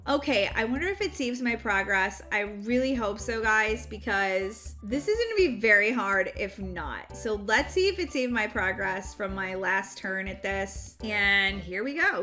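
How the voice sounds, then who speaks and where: A young woman narrates her game in a high, bright voice that swoops up and down. She exclaims often and keeps talking straight to her viewers. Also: animated, measured pace, soft background music. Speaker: game channel host. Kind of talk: excited gameplay commentary.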